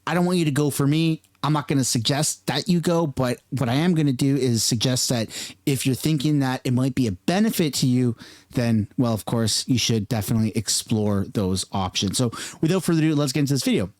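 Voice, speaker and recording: A man's voice: medium pitch, a little fast, darkish tone, dry recording. Guy, 30s, YouTube commentator, earnest and chatty, mid-range voice, dry close mic. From Canada. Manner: chatty and earnest, openly emotional. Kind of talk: casual vlog commentary.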